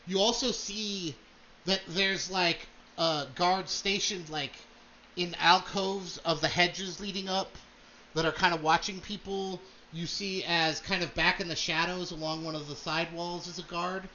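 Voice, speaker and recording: A man's voice: high voice, steady tone, unhurried, bright, forceful tone, dull audio, a little hiss or hum. A young man narrating as game master, rambling with many fillers.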